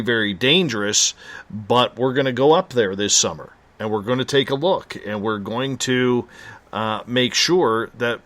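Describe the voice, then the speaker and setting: Brief: male radio host, bright forceful tone, dry close sound, easygoing drawl. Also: medium pitch, no room sound. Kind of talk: casual radio interview chat.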